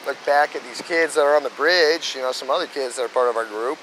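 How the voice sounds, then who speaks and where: A man's voice: medium pitch, quick pace, a bit bright, slight background noise, low-quality recording. Rambling man telling stories outdoors. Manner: rambling, with lots of "you know" fillers and restarts. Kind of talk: casual storytelling monologue.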